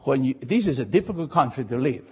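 A man with a Latin American Spanish accent preaches an impassioned sermon, repeating phrases and swinging from loud cries to low asides. He speaks fast and animatedly in a slightly rough voice, and the recording is muffled.

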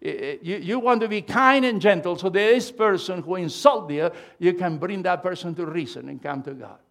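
A man preaching a sermon, emphatic and animated, swinging between loud and hushed delivery with halting restarts. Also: high-pitched, gravelly. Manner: halting restarts and repeated words.

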